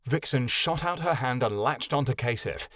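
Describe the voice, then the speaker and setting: A man narrating a fantasy audiobook in a measured, dramatic storytelling way, close to the mic. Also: medium pitch, animated, a bit bright, no room sound. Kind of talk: scripted narration.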